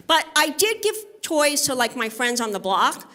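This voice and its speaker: A woman from Brooklyn performs stand-up on a live studio stage. Her voice sits a little on the high side. She is brassy and conversational, and she keeps checking in with the crowd. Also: sing-song, fairly quick, sharp tone. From Brooklyn, New York. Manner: brassy, conversational, banters with the audience. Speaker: stand-up comedian. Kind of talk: stand-up comedy set at a benefit concert.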